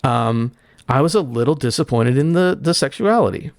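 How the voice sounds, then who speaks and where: Man, gaming podcast co-host, casual chat, hyped and profane, medium pitch, dry close sound. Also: normal speed, creaky, no echo. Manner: excited, profane storytelling with acted-out quotes.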